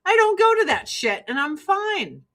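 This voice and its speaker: Bright-voiced woman with a Chicago-area accent. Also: very high voice, sing-song, moderate pace, rough recording. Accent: Chicago-area Midwestern. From Illinois, US. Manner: profane, laughs often, imitates people. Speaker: livestream host selling skincare. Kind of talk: casual rambling chat.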